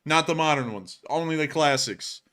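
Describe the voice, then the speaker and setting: A man hosting a casual live stream, joking around and breaking into loud shouts and laughter. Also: a little high, lively intonation, normal speed. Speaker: show host.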